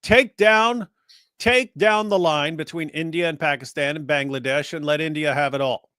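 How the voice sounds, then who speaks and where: A man co-hosting a live-stream, explaining points in a casual, lively way. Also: fairly high pitch, moderate pace, clean tone, no echo, clean studio sound. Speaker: co-host.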